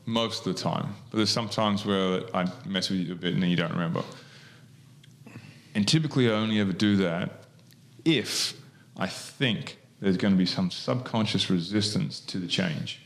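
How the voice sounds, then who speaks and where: A man's voice: sits low, moderate pace, vocal fry. A man, co-hosting a podcast and explaining hypnosis in loose, rambling chat full of fillers. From Australia. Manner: rambling, many fillers and restarts.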